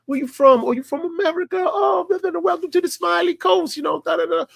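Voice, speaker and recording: A man voicing a smooth street hustler in a high, eager sing-song patter. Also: quick pace, no room sound, clean studio sound, exaggerated voice. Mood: eager, flattering.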